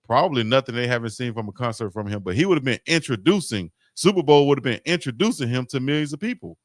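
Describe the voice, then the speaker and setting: Animated man hosting a sports stream. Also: mid-range voice, fast, dry recording, clean studio sound. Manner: lively, animated, playful arguing. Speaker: host of a live stream. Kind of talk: casual sports chat.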